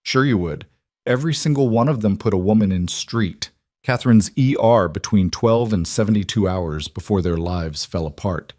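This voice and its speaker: A man narrating an audiobook voices a weary female detective who questions in a measured, level way. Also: fairly low pitch, darkish tone, dry recording, studio quality, close to an everyday voice. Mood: pressing.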